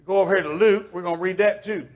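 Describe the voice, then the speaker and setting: Folksy Southern preacher, high voice. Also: male voice, steady tone, fast. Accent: Kentucky Southern US. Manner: folksy, swings from loud emphasis to quiet asides. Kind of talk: sermon with scripture reading. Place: church.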